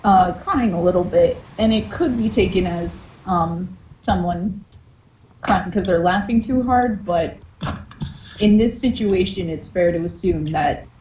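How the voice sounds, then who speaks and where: A woman's voice: on the low side, measured pace, a little mellow. Laughing woman player in an echoey room. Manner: chatty, laughs often. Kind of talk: tabletop role-play chat. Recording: muffled, roomy, noisy home recording.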